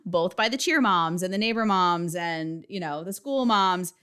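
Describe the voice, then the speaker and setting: A woman's voice: on the low side, expressive, moderate pace, a bit bright, smooth. A woman in her thirties hosting her own podcast, talking candidly and emphatically, with frequent swearing. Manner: frank and profane, emphatic. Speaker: podcast host. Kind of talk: candid solo podcast talk.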